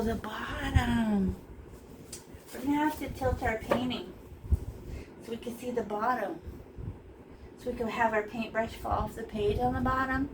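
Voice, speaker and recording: A woman's voice: fairly high pitch, background noise. Playful chatty woman art teacher. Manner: playful, chatty, makes silly sound effects. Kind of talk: casual painting tutorial. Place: small art room, indoors.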